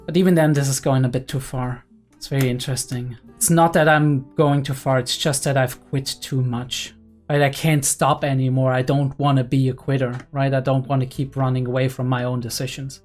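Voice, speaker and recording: Excited young man breaking down anime. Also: mid-range voice, fairly quick, soft background music. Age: young adult. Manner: excited, analytical, frequent "right?" and "like" fillers. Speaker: anime reaction creator. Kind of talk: casual reaction commentary.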